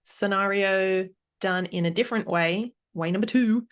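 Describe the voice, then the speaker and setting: Woman in her 30s, solo podcast host, upbeat and animated. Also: medium pitch, normal speed. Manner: upbeat, laughs often, acts out examples. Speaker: podcast host and parenting coach.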